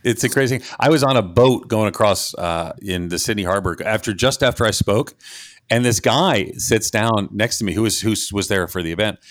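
A low-voiced man from New York who tells lively, teasing stories on a podcast. The sound is dry and close, with no room echo. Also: a little fast. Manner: joking, animated storyteller. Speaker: podcast co-host. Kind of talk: casual podcast chat.

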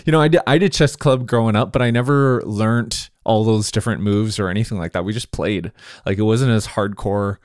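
A man hosting a podcast on church leadership, chatty and quick to laugh, often restarting his sentences. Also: fairly low pitch, no echo, studio quality. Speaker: podcast host. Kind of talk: casual podcast discussion.

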